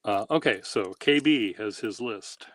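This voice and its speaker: Slow, low-voiced man rambling casually. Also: fairly bright tone, dry recording. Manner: meandering, halting anecdotes. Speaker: host.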